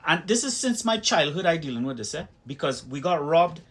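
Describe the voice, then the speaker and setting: A Trinidadian man with a slightly raised pitch tells personal stories straight to camera. He speaks emphatically, his delivery punchy and forceful as he builds his points. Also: sing-song, a little fast. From Trinidad and Tobago. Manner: emphatic storytelling, acting out heated exchanges. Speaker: video commentator. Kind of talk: personal opinion vlog.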